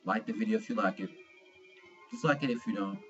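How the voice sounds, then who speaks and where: A man giving a casual review of a manga chapter, excitable and slangy, swearing freely and restarting his sentences. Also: lowish voice, fairly quick, dull audio, faint music behind.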